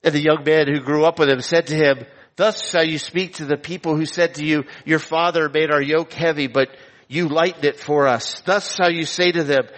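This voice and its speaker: Emphatic preacher, higher-voiced man, hall. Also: steady tone, a bit bright. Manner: emphatic, repeats key phrases, slows down for stress. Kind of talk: expository sermon with scripture reading. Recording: long reverb of a large hall.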